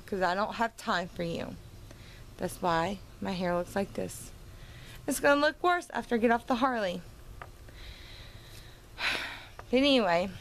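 A woman's voice: on the high side, a little hiss or hum, rough recording. Tipsy, frustrated woman venting on camera. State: tipsy, slightly slurred from wine. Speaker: vlogger. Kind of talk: casual vlog monologue. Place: at home and outdoors in her yard.

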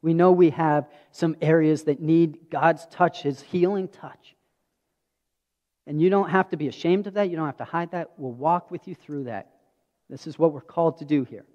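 A man's voice: on the high side, fairly even intonation, normal speed, a little mellow. A pastor in his thirties preaching a sermon, telling stories earnestly and acting out dialogue. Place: church sanctuary. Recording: dull audio with long hall reverb.

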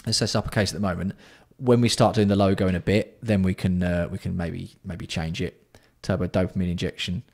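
A man hosting a casual livestream, bantering with chat and swearing freely while keeping his voice fairly hushed. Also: deep voice, flat delivery, fairly quick, gravelly, few pauses. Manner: banter-filled, sweary, reads out and answers chat. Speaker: livestream host.

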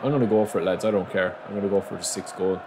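A gaming YouTuber commentates on his own football video game match in a low voice, rattling off words rapidly. Excitable, he calls his viewers "lads" and erupts into shouts at big moments, with background noise behind him.

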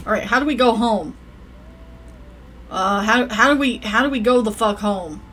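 A young woman giving casual, profane commentary while playing a life-sim game, yelling at the characters and rambling. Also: fairly high pitch, moderate pace, slight background noise. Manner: rambling, self-interrupting.

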